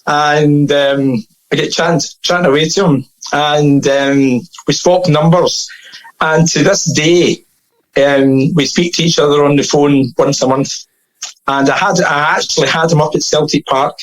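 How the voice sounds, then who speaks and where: A Scottish man chatting as a podcast guest, telling a long anecdote in a casual, lively way and laughing at his own tale. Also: on the high side, low-quality recording.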